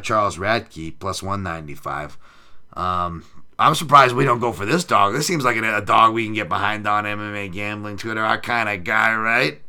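With a sharp tone and a voice on the low side, this podcast host gives his fight picks amid loose, sarcastic, profane banter. It's a casual livestream chat, and he reads comments aloud from the chat.

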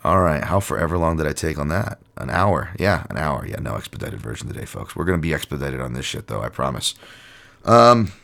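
A man's voice: a bass voice, big pitch swings, a little fast, creaky, a bit bright. A man hosting a podcast in casual chat, rambling and jokey with frequent swearing and fillers. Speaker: podcast host.

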